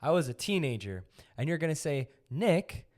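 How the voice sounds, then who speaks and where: Young man, podcast host, slightly high voice, animated storytelling, casual. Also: normal speed. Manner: chatty, animated storyteller, frequent fillers.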